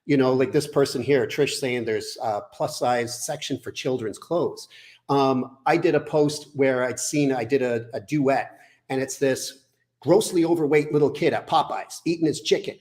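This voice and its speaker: A man's voice: medium pitch, normal speed, a little mellow. A middle-aged man, a fitness trainer, ranting bluntly and profanely in a casual podcast chat.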